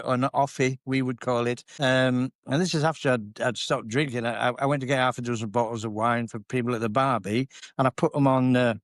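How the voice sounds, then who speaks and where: A man's voice: medium pitch, no room sound, clean studio sound. An older man from Yorkshire with a Yorkshire accent, a singer and comedian telling wry, self-deprecating stories as a guest in a casual interview. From Yorkshire, England.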